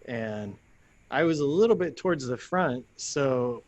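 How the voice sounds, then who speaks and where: Laughing, animated male storyteller. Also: mid-range voice, unhurried. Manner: animated, laughs often, acts out quoted lines. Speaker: guest. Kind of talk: casual storytelling.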